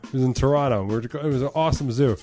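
A man's voice: mid-range voice, very fast, dark tone, faint music behind. Male comedy podcast co-host, casual rambling storyteller, profane, easy laugh.

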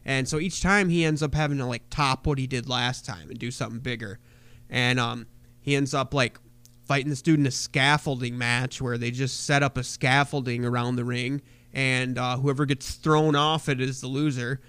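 A podcast co-host telling a wrestling story in casual, profane chat, full of fillers. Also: male voice, mid-range voice, fairly even intonation, normal speed, a bit bright, smooth, dry recording.

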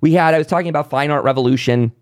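A man's voice: a little high, rapid-fire, no room sound, studio quality. A man hosting his own political commentary channel, talking in an impassioned, rambling monologue with restarts and short laughs. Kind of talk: casual monologue.

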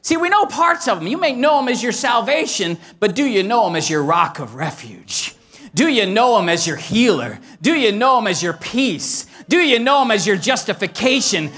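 A middle-aged pastor delivering a sermon with a very animated, swooping voice. He mixes scripture with playful stories about married life and now and then builds to excited shouts. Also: high voice, normal speed. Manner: preaches with rising excitement, shouting at peaks; tells stories about his wife with humor.

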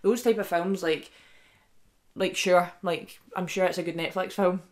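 A young woman co-hosting a casual film chat, talking fast and loose with lots of "like" and acted-out quotes. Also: on the low side. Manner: chatty, heavy use of "like", animated quoting. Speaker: podcast co-host.

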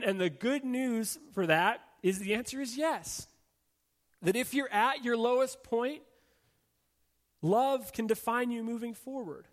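A man preaching a sermon in a conversational style with casual fillers, dropping soft and slow on key points. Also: very high-pitched. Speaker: pastor.

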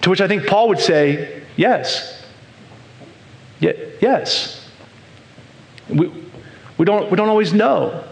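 A man's voice: high-pitched, slow, gravelly, pauses often, roomy sound. A man preaching a sermon in a conversational way, often repeating words as he builds a point. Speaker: pastor.

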